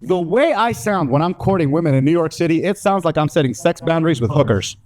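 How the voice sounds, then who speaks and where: A young man from the American South with a Southern accent, doing a stand-up comedy set before a live audience with lively storytelling. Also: on the high side, fast. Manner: animated, lively storytelling with acted-out voices.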